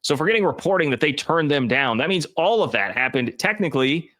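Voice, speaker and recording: A man's voice: a little high, animated, fast, a bit bright. A man giving emphatic, opinionated college football commentary, talking directly to his chat viewers.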